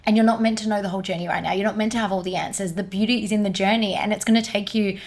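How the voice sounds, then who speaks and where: A young woman, an energy healer, telling a personal story in a podcast conversation, quoting others in lively bursts. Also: mid-range voice, rapid-fire.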